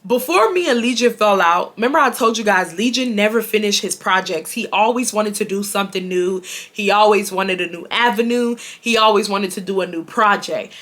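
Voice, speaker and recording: A woman's voice: medium pitch, brisk, fairly bright tone. A woman, telling a casual storytime and repeating phrases for emphasis. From Houston, Texas. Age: 20s. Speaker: storytime YouTuber.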